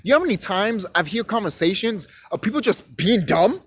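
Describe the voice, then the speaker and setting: A man's voice: sits high, expressive, brisk, a bit bright, breathy edge, rough recording. A young man delivering a rambling, profane rant monologue, stumbling over and repeating words as he goes. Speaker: vlogger.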